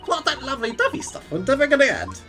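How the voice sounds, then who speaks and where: Woman voicing a low, cocky street urchin in a game. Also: wildly swooping pitch, quick pace, a bit bright, faint music behind, heavily acted.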